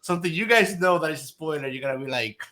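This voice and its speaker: A man's voice: a little high, lively intonation, fast talker, a loud crowd. A man co-hosting a podcast in casual chat, joking and laughing often. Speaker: podcast co-host.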